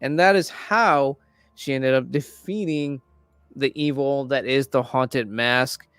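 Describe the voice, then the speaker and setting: A young man in casual chat, rambling and swearing a lot while retelling a story with animated energy. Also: medium pitch, slow, clear, resonant tone, dry recording, soft background music. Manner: acts out quoted characters in raised voices. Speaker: podcast host.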